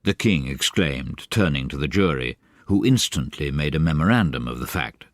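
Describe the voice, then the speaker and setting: A man reading a children's novel aloud as an animated audiobook narrator. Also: extremely low pitch, normal speed, no echo, studio quality. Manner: animated, varied storytelling. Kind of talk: expressive storybook narration.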